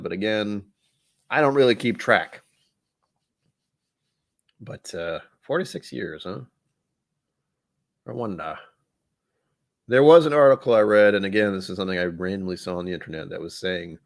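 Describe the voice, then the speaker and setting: A man hosting a casual tasting livestream, talking in a rambling, offhand way and thinking aloud. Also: on the low side. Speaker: livestream host.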